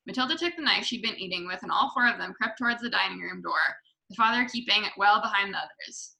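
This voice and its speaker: A woman reading a children's book aloud to a book club, expressive with small slips. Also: mid-range voice, fast, creaky, poor audio.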